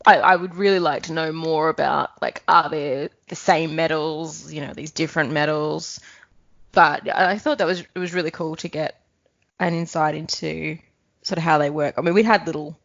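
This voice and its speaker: Co-host, female, low gravelly voice, hesitant, muffled recording. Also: steady tone, normal speed, no echo. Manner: hesitant, restarts phrases. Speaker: podcast co-host. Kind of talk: casual book discussion.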